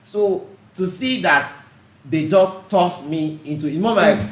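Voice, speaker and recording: Animated laughing man in an echoey room. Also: high voice, a little slow. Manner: animated storytelling, laughs often. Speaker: podcast host. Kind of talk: casual podcast chat. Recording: echoey room with faint noise.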